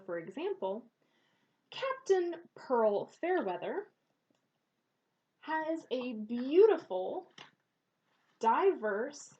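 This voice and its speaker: Slow, thoughtful woman reviewing a book. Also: a little high, darkish tone. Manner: slow, thoughtful, with pauses and fillers.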